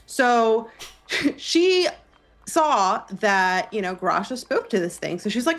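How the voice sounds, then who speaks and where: Woman, fairly high voice, bouncy animated delivery, tabletop player. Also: a little slow, soft background music. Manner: lively, laughs often, playful. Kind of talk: tabletop role-play, animated in-character talk.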